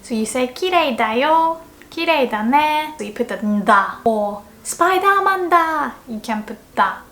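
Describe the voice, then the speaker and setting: A woman's voice: fairly high pitch, normal speed, fairly bright tone. Chatty woman teaching a language lesson. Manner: explains chattily, often asks "right?", puts on short anime phrases. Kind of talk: casual video lesson.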